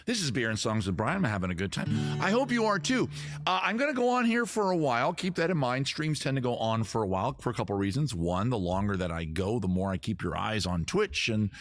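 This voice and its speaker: A man's voice: mid-range voice, sing-song, quick pace, faint music behind. A man hosting his own live stream, chatting casually to viewers with jokey, self-mocking asides. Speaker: streamer host.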